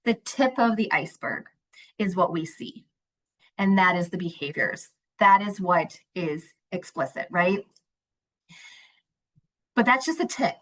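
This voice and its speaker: A woman's voice: fairly low pitch, lively intonation, measured pace, long pauses, poor audio. A woman, a mental health director, giving a conversational webinar talk and telling stories from her work with children. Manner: warm, conversational, acts out a child's voice in anecdotes. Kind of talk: webinar presentation with storytelling.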